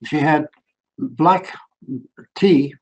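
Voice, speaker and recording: A man's voice: a little high, extremely slow, poor audio. An older man with a German accent, giving a fervent sermon testimony about his childhood. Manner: rising to fervent, emphatic preaching. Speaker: preacher.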